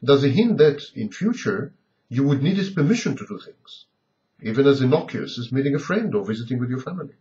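A man delivers a scripted talk as a rapid series of pointed rhetorical questions. His pitch rises and falls in wide, animated swings. The recording is muffled and lo-fi. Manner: asks a long string of pointed rhetorical questions. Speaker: lecturer on abusive relationships. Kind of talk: scripted lecture monologue. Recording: dull lo-fi recording.

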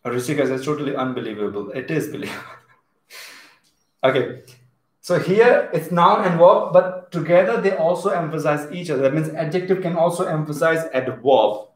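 A man's voice: a little high, moderate pace. A man with an Indian English accent teaching a live online English class, chatting and reading out viewers' comments as he goes. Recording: echoey room.

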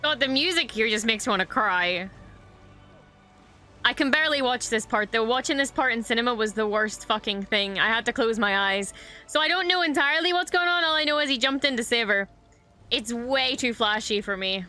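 Young female reaction host, slightly high clear voice, expressive and profane, faint music underneath. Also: normal speed. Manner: expressive, swears casually, gushing. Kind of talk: casual reaction commentary.

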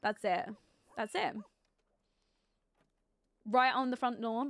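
A woman streaming a life-sim game live, chatting casually and thinking aloud, with sudden excited outbursts. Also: a little high, slow, vocal fry. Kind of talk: live gameplay commentary.

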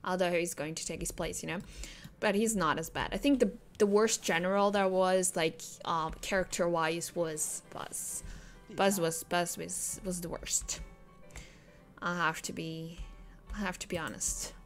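A woman talks through a life-simulation game at an unhurried pace, coaxing and scolding the characters as she plays. Soft music plays faintly behind her casual, chatty voice. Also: fairly low pitch, fairly even intonation. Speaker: gameplay commentator. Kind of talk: casual gameplay commentary.

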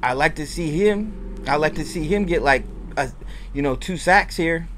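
A man giving loose, rambling fan commentary in a casual vlog, moving between deflated and excited. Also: fairly high pitch, normal speed, a little hiss or hum. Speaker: sports fan vlogger.

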